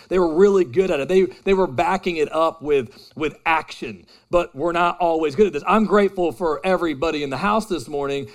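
Male pastor, thirties, slightly high voice, chatty self-mocking sermon delivery. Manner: casual, self-deprecating and conversational with the congregation. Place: church hall with a live congregation.

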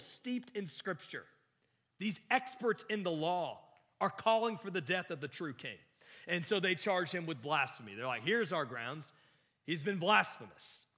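A man's voice: high-pitched, pushed and bright. A man preaching a sermon, earnest and emphatic, often restarting his phrases.

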